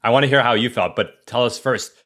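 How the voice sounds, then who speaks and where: A man in his thirties hosting a podcast, telling stories in an animated way with frequent restarts. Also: medium pitch, fast. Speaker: podcast host. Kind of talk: casual podcast conversation.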